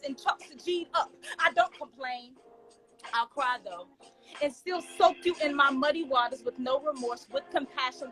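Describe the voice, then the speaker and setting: A woman's voice: high voice, a bit bright, rough recording. A woman poet performing spoken word in a rhythmic, declamatory, intense delivery with a Southern American accent.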